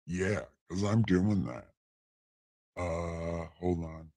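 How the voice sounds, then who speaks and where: Slow, irreverent man reading scripture. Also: deep voice, steady tone, vocal fry, darkish tone. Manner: irreverent, rambling, stumbling over lines, swearing. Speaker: livestream Bible reader. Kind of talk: casual late-night Bible reading livestream.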